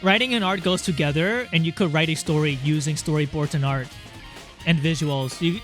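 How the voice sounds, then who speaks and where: A man's voice: on the high side, normal speed, a bit bright, soft background music. A young man streaming a game in casual chat, rambling, swearing and reading game lines aloud.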